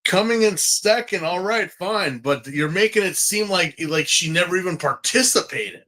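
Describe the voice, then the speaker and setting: Casual podcast co-host, male, bright edgy tone, rambling and chatty. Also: high-pitched, moderate pace. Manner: rambling, chatty, lots of fillers and restarts. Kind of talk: casual chat.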